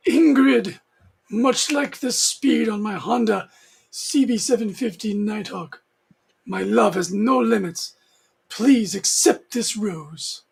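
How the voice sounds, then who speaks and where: A cocky TV tough guy on a motorcycle, voiced by a comic reader. The voice is rough and gravelly, with a husky edge, and every line sneers. It is read as a comic out loud. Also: medium pitch, slow, full character voice. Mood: crooning. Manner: brash, sneering. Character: cocky macho male biker tough guy.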